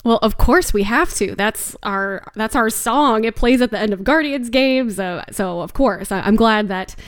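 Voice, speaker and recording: A woman hosting a public radio interview, asking friendly, measured questions. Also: on the high side, no echo, studio quality.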